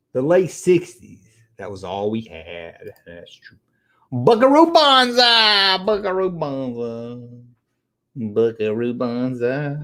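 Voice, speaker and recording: Animated, swearing middle-aged man. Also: medium pitch. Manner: animated and profane, rambling between tangents. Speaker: livestream host. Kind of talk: casual livestream chat, answering viewers.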